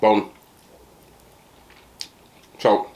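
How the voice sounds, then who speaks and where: A man's voice: very slow, warm tone, slight background noise. An American man in casual storytelling to the camera, talking in a rambling way with many fillers and restarts. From United States. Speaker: food vlogger.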